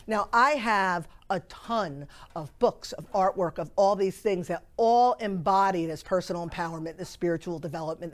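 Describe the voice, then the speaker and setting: A middle-aged woman hosting a spiritual podcast, talking in a conversational, enthusiastic and heartfelt way. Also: on the low side. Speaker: podcast host. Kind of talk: casual spiritual podcast monologue.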